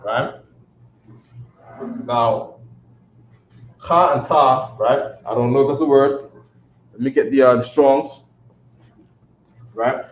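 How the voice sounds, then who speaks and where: A man with a New York accent lectures slowly in a mid-range voice, pausing often. He talks casually, repeats points, and keeps asking "right?" The recording is lo-fi and dull, with noticeable echo.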